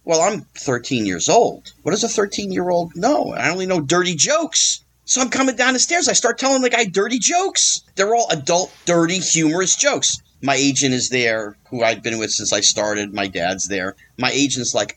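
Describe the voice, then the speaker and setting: A man's voice: fairly high pitch, moderate pace, hardly any pauses. A man telling an anecdote as an interview guest, acting out the voices of the people in it. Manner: lively, acts out quoted voices. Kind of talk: animated storytelling anecdote.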